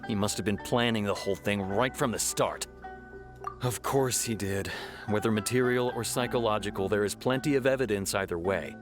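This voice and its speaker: A man's voice: on the low side, moderate pace, lightly acted. A man voicing a firm, stern game official. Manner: firm and matter-of-fact. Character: stern male city official, hunting a fugitive. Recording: game dialogue over music.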